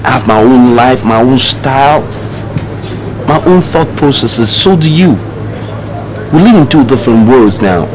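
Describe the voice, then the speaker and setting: A man's voice: medium pitch, animated, a little slow, pauses often, natural voice. An actor playing a cold, dismissive young man who lectures his fiancee in a condescending way. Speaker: young man ending an engagement. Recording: noisy film soundtrack.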